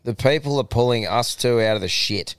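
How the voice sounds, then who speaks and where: A man's voice: mid-range voice, fairly quick, clear, resonant tone, no echo, studio quality. An Australian man hosting a podcast, chatting casually with enthusiasm and swearing. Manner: enthusiastic, laughs often, swears. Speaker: podcast host. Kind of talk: casual chat.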